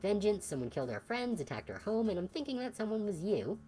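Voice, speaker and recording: A woman's voice: mid-range voice, very animated, quick pace, mellow, faint music behind, pitched above the performer's own voice, natural voice, low-quality recording. A woman voicing a defiant female mercenary in video game dialogue, blunt, sarcastic and profane. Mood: accusing.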